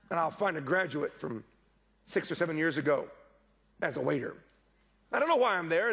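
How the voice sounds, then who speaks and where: Gravelly, high-pitched man preaching a sermon. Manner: animated storytelling preacher, acts out quoted voices. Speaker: pastor. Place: church.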